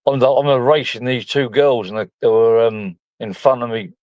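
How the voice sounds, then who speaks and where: A man's voice: mid-range voice, moderate pace, no echo, dull audio. A man from London telling rambling, profane stories in a casual group chat.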